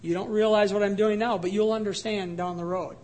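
A patient, reassuring Jesus speaks gently and steadily, as a preacher quotes him. The man's voice sits fairly high and stays measured. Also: steady tone, lightly acted. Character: calm, patient Jesus reassuring his disciple.

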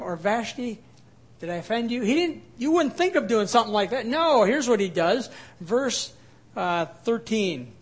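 A high-voiced man preaches a sermon. He sounds animated and gets loud and forceful on his points of emphasis. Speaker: pastor.

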